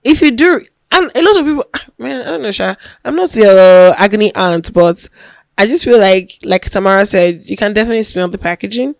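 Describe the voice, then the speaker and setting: A young Nigerian woman co-hosting a podcast, laid-back and playfully exasperated. Her pitch is middling for a woman. The recording is dry and close. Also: animated, brisk, gravelly, no room sound. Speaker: podcast co-host and media presenter. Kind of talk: casual chat.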